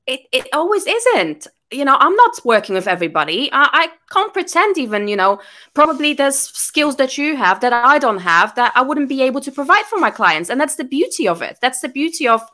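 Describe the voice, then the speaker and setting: A woman guest on a business podcast speaks in a rather high voice that swoops up and down. She tells her stories with animated exasperation and breaks into laughter often. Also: brisk. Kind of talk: casual podcast chat.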